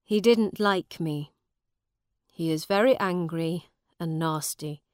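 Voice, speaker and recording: A woman voicing a kind adult soldier who speaks gently and plainly. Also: on the low side, takes it slowly, clear, resonant tone, no room sound, studio quality. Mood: gentle.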